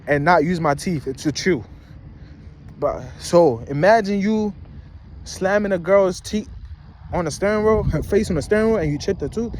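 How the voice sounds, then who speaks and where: A man's voice: high-pitched, normal speed, darkish tone, slight background noise. A man in his twenties ranting casually in a rambling, slangy, incredulous way outdoors at a rest stop. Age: 20s. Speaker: vlogger. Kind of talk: casual commentary rant.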